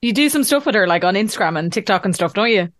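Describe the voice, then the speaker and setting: A woman's voice: mid-range voice, animated, quick pace. Encouraging woman interviewer. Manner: encouraging, brief backchannels. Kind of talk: casual interview chat.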